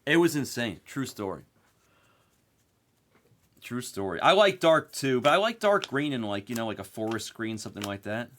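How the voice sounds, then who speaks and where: A man hosting a live card break, telling a story in an animated, profane rant. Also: medium pitch, fairly quick, few pauses.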